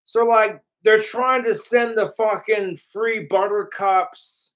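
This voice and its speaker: Male livestreamer, high pitched, unhurried delivery; profane, mocking third-person rant aimed at his trolls. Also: steady tone, a bit bright, rough recording. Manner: mimics his trolls in sneering voices. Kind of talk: ranting livestream talk.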